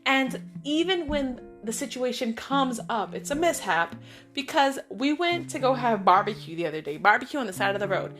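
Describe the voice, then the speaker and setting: A middle-aged woman hosts her own vlog and tells personal stories in a casual, lively way. Her voice sits a little high, and she slips into other people's voices as she recounts what they said. Clear music plays behind her. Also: normal speed. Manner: animated, acts out friends' voices and lines. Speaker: vlog host. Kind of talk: casual storytelling monologue.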